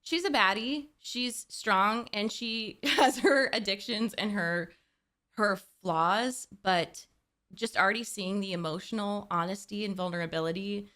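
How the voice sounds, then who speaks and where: A young woman hosting a reaction video, talking casually in an excitable way and often laughing and swearing. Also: mid-range voice, unhurried.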